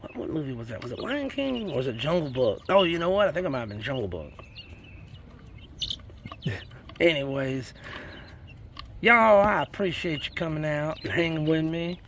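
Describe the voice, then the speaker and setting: A man with a slightly high voice talks in a loose, rambling way, calling his viewers y'all. He is recording outdoors on a farm near his chickens, with faint rural noise in the background. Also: very animated, normal speed, pauses often, fairly bright tone. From South Carolina. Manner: folksy and chatty, says y'all a lot. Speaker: homesteading channel host. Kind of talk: casual rambling chat.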